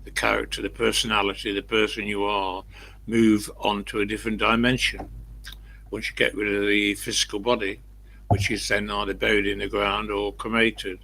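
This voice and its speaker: A man's voice: on the low side, level tone, moderate pace, vocal fry, pushed and bright, rough recording. An older man chatting casually and bluntly with livestream viewers, rambling through anecdotes. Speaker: livestream host.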